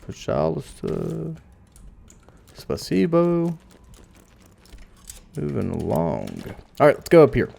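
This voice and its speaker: Here a man riffs casually over his video game playthrough, musing with dry asides. His mid-range voice is creaky and warm, swinging widely in pitch at a brisk clip, with a little hiss or hum in the background.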